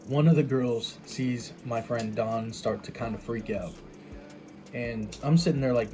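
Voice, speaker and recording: A man's voice: medium pitch, unhurried, over music. A young man telling a personal story in a casual, rambling way, full of asides and restarts.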